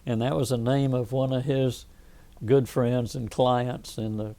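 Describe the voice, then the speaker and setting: With a warm, steady, mid-range voice and an unhurried pace, a Southern US veteran in his eighties shares rambling anecdotes in an oral history interview. He often restarts his sentences.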